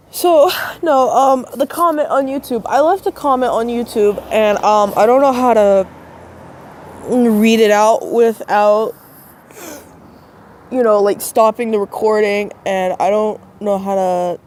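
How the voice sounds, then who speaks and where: A woman with a stuffy, congested nose from crying talks into her phone outdoors. Her voice sits fairly high but sounds soft and mellow. She rambles and hesitates, with faint traffic in the background. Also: a little slow. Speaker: vlogger. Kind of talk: casual rambling talk to camera. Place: outdoors by a road at dusk.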